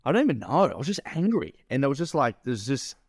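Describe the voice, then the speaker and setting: A man's voice: medium pitch, sing-song, fast, slightly rough, no room sound, studio quality. A man co-hosting a podcast, telling a story in a rambling, casual way, full of fillers and swearing. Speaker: podcast co-host and business owner.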